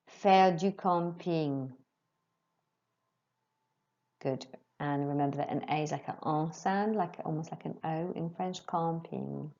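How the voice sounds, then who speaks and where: A woman teaching a French lesson to pupils, slowly and clearly modelling phrases for them to repeat. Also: low-pitched, mellow, lo-fi sound. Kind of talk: recorded remote lesson.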